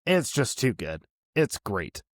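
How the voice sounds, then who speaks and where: A man co-hosting a film podcast in casual chat, animated and laughing often, talking in long run-on thoughts. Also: mid-range voice, slow pace, dry recording, clean studio sound. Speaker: podcast co-host.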